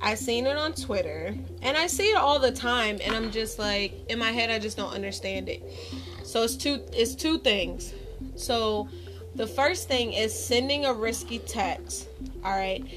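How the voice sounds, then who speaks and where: A woman's voice: fairly high pitch, unhurried, music in the background. A woman co-hosting a podcast, talking in a chatty way and laughing often. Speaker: podcast co-host. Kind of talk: casual chat. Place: podcast studio.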